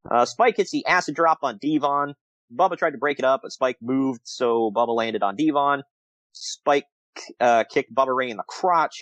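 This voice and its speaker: A man's voice: mid-range voice, no echo, low-quality recording. A man co-hosting a casual podcast, recapping old wrestling shows, laughing often and acting out quotes. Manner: laughs often, animated retelling with quoted asides. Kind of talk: casual chat.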